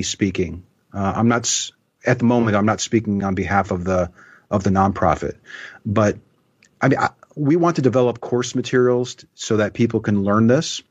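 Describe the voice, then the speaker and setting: A man as an interview guest, explaining his plans in a relaxed, thoughtful way. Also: on the low side, breathy edge, highs cut off. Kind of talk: casual interview.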